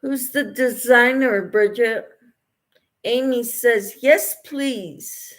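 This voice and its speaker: A woman's voice: a little high, extremely slow. A woman hosting a casual crochet livestream, reading viewer comments aloud and answering them, tired late at night.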